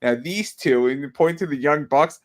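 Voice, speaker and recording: A man co-hosting a casual wrestling chat, excitable and tripping over his words as he retells stories. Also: on the high side, moderate pace. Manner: excitable, stammering restarts, laughs at own stories. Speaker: podcast co-host.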